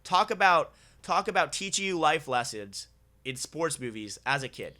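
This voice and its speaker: A man's voice: fairly high pitch, sing-song, normal speed, pushed and bright, slight background noise. A young man hosting a casual sports podcast, upbeat and teasing his co-host.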